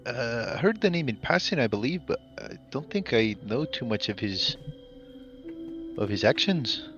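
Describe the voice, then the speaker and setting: A man's voice: mid-range voice, big pitch swings, unhurried, fairly bright tone. A man playing a character in a tabletop game who speaks politely and a little hesitantly. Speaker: player. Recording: slightly dull, with faint music.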